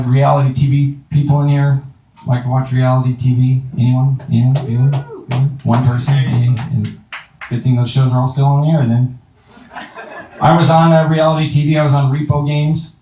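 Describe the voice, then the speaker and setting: Deadpan male stand-up comic in a roomy club. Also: medium pitch. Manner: deadpan punchlines, casual crowd work. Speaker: stand-up comedian. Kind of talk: stand-up comedy set. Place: comedy club stage. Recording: roomy live room, distant mic, faint noise.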